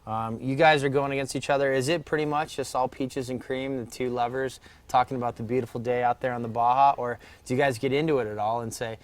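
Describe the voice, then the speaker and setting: A man's voice: medium pitch, fairly even intonation, quick pace. A man hosting a casual live chat and reading viewer questions, with a joking, teasing manner.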